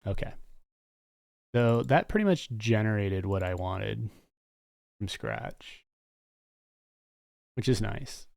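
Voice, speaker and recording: A man's voice: lowish voice, expressive, slow pace, creaky, pauses often, a little mellow, dry recording, clean studio sound. A man live-streaming his coding work, talking casually and thinking aloud with muttered asides. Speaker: streamer and game developer.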